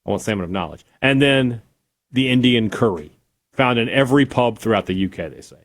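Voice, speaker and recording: A man's voice: medium pitch, lively intonation, a little fast. A man co-hosting a sports talk radio show, chatting casually in an enthusiastic, teasing way.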